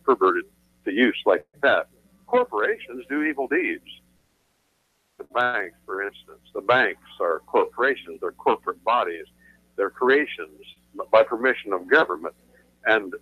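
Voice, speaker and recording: A man's voice: on the low side, lively intonation, normal speed, breathy edge, no room sound. A man, an attorney guest on a radio talk show, explaining his views in an emphatic, lecturing way and repeating phrases for stress. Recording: tinny phone line, dry.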